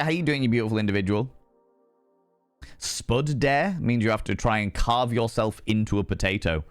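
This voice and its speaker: A young British man streaming, chatting casually with his audience in a rambling, animated way and reading out chat messages. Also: lowish voice, normal speed, no echo, soft background music. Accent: British English. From United Kingdom. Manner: rambling, animated, swears freely, reads chat aloud. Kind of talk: casual chat with chat while gaming.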